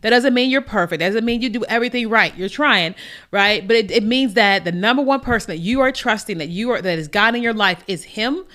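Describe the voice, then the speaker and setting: An adult woman hosts a faith podcast, chatting casually to camera in a slightly high, somewhat bright voice at a fairly quick pace. She's conversational, keeps saying "you know what I mean," and acts out small back-and-forth dialogues.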